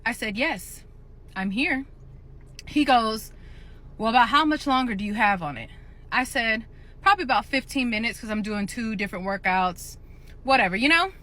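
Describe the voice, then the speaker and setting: A woman telling a gym story as a casual rant to camera, animated and profane, acting out both sides of the argument. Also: fairly high pitch. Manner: addresses viewers as "y'all". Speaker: gym-goer ranting to camera.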